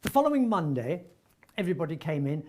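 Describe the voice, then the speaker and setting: Talking fast in a husky voice that's on the high side, an older North London actor reminisces about his working life. He spins anecdotes energetically, playing out the dialogue, with many stammered restarts along the way.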